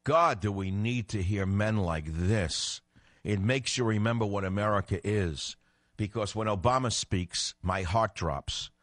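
A man's voice: on the low side, measured pace, a bit bright, dry recording, studio quality. An older man hosting a political talk radio show, speaking in an emphatic, indignant way.

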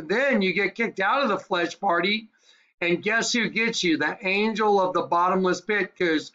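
A man's voice: sits high, bright, forceful tone, highs cut off. A man teaching the Bible in a fervent, conversational way, often asking his listeners if they are ready. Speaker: preacher. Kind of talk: screen-share Bible teaching.

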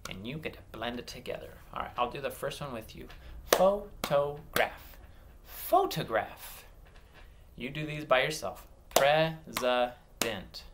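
Gravelly, lively man teaching young kids. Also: medium pitch, noisy background. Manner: upbeat and encouraging, drawing out words slowly. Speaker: early elementary teacher. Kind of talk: online phonics lesson for young children.

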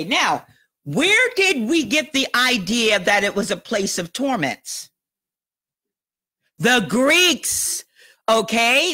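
Her voice is bright and a little high as this woman pastor teaches a sermon in a conversational way. Addressing a small audience in a church or teaching room, she frequently laughs and asks, "you understand what I'm saying?"

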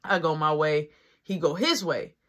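Bright-voiced man telling a story. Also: on the high side, a little slow. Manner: animated storytelling, slangy, keeps checking in with the listener. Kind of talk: casual storytime vlog.

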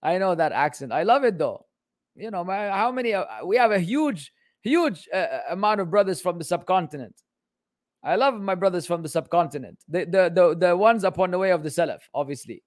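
A man's voice: high voice, animated, a little fast, no echo, clean studio sound. A man teaching Islamic studies in a casual livestream Q&A, joking and exasperated as he answers questions.

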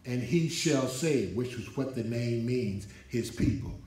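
A male pastor preaching an emphatic sermon, his voice rising in pitch as he drives points home to a responding congregation. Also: lively intonation, measured pace, mellow, a little hiss or hum. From United States. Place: church hall. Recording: echoey hall from far off.

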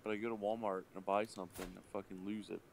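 A man's voice: lowish voice, level tone, very fast, creaky, a little hiss or hum. A man streaming live, telling a heated, profanity-filled story in casual chat at his desk microphone. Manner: profane, heated ranting anecdote.

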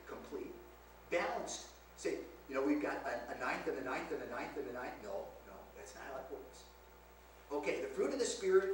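A man preaching a teaching sermon to a congregation, asking them rhetorical questions as he explains scripture. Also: sits high. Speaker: pastor teaching a Bible lesson. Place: church sanctuary. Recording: very echoey church, mic far off, faint hiss.

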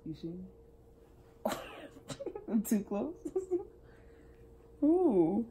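Slow, playful woman vlogger. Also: a little high, very animated, mellow, slight background noise. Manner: playful baby talk and teasing banter. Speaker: family vlogger. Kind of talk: casual vlog chat. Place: outdoors on a walk.

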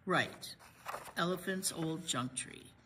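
A woman librarian reading a picture book aloud to children, pausing to chat about the pictures. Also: lowish voice, a bit bright, slight background noise. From United States. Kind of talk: children's story read-aloud.

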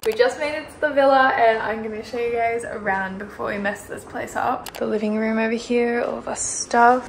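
A woman with a nasal voice from a cold, chatting upbeat and excited as a travel vlogger. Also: mid-range voice, slight background noise. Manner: bubbly, upbeat, lots of "like" and "so excited". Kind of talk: casual travel vlog chat.

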